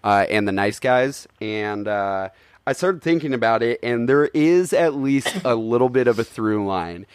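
A man hosts a podcast in casual chat, rambling, laughing often and swearing freely. His voice is medium-pitched, animated and resonant, with a measured pace and clear delivery. The recording is dry, with clean studio sound.

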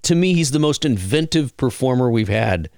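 Man, enthusiastic co-host, lively pitch, dry recording. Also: moderate pace, no room sound. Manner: enthusiastic, lively, gushing praise. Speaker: air show podcast co-host. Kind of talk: casual chat. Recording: dry close mic.

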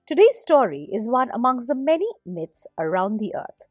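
A woman narrating a myth as a storyteller, in a gently expressive way. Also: fairly high pitch, normal speed, husky, no room sound, clean studio sound, faint music behind.

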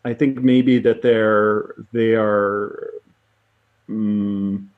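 A man's voice: on the low side, steady tone, extremely slow, narrow, tinny audio. Thoughtful hesitant man podcast host. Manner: thoughtful, hesitant, searching for words. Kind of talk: casual book discussion.

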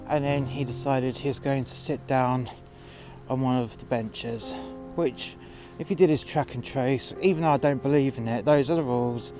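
A man's voice: medium pitch, fairly even intonation, normal speed. A man narrating a workplace story in a blunt, sweary and sarcastic way, voicing the people in it. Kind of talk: storytelling monologue. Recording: music playing behind the voice.

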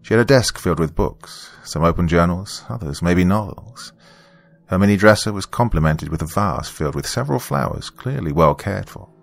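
A man narrating a first-person story in a calm, measured, reflective way. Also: deep voice, gravelly.

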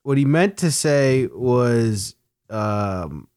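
A man's voice: medium pitch, big pitch swings, slow, a little mellow, dry recording, clean studio sound. A young man co-hosting a casual chat show, swearing freely and laughing through his stories. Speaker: podcast co-host.

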